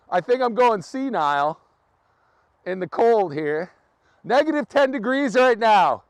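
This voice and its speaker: A man's voice: sits high, sing-song, unhurried, pauses often, dry recording, studio quality. A man hosting a casual live vlog outdoors in freezing weather, chatting and laughing with his viewers. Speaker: livestream host. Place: outdoors in freezing wind and snow. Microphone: camera on a tripod.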